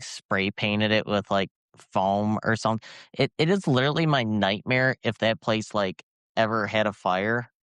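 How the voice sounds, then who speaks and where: A young man with a Michigan accent tells meandering stories in a casual podcast chat. His voice is smooth and resonant at a middling pitch. The sound is dry and close. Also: fairly bright tone, no echo. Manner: rambling, filler-heavy storytelling. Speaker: podcast co-host.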